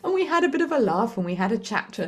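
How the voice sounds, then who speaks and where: A woman, a podcast guest speaking in a lively, conversational way, in quick bursts while she tells a story. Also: a little high. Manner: animated, acts out quoted voices, quick bursts. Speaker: guest, author and executive coach.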